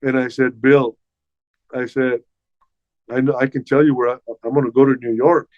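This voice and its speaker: Older man, interview guest. Animated storyteller, stumbles and repeats words. Mid pitch, dull, dry recording. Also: moderate pace, no room sound. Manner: animated, repeats words while recounting past dialogue. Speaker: interview guest, former wrestler. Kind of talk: casual storytelling. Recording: dull, slightly muffled dry sound.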